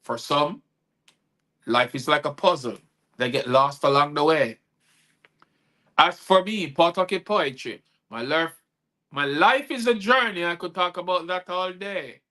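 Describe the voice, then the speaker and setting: Bright-voiced poet host. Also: male voice, on the high side, a little slow, pauses often. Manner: rhythmic rhyming delivery, chuckles at own lines. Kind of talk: spoken-word poetry performance.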